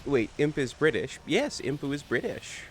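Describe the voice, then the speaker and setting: A man's voice: a little high, sing-song, normal speed, faint music behind. A man hosting a casual live game stream, upbeat and playful, chatting with his co-host and his viewers. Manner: upbeat, playful, reads game text aloud. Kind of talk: casual live-stream chat while gaming.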